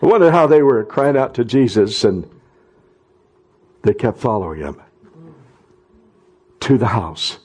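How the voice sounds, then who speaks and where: A middle-aged man preaching a sermon as pastor, talking conversationally and then rising to loud impassioned cries. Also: mid-range voice, big pitch swings, measured pace, pauses often, breathy edge.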